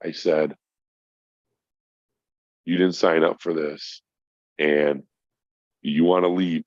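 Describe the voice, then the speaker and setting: A middle-aged man with an extremely low voice tells a long personal story in a casual podcast chat. He swears freely and keeps calling the host bro. The sound is dry and a little dull, like a lo-fi recording. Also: darkish tone, dry recording. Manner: profane, emphatic, addresses host as bro. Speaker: podcast guest.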